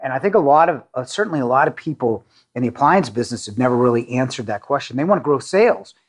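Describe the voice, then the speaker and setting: A man's voice: medium pitch, animated, husky. A middle-aged man from the Boston area, a company CEO, talking casually in an interview, with frequent restarts and fillers. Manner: halting, many restarts and fillers, self-deprecating.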